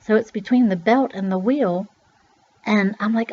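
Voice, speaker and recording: Speaking at a medium pitch and moderate pace, a middle-aged woman from Pennsylvania rambles through her own story as a vlogger. She's loose and chatty, throws in occasional swearing, and acts out quoted voices, heard through a dull lo-fi recording.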